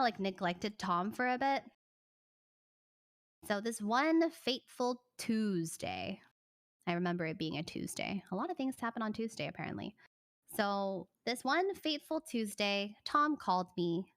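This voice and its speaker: Bright-voiced young woman telling a story. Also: mid-range voice, dry recording, studio quality. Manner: animated, chatty storytelling, breaking off to thank viewers. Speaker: livestreamer. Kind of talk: casual storytelling chat.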